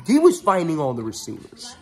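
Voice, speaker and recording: Fuming after the game, this sports fan channel host rants and says things again and again to drive his point home. He talks briskly, his voice on the high side and swooping wildly in pitch.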